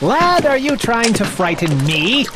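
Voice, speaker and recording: A woman's voice: fairly high pitch, very animated, unhurried, very noisy. A woman voicing a vain, carefree captain of the guards who brushes off danger in a breezy, dismissive way.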